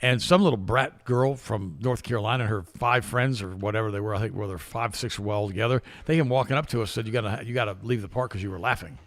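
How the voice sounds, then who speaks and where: Brief: older male co-host, rapid chatty delivery, dry close sound. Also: fairly low pitch, dry recording. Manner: chatty, quick to chime in. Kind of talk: casual chat.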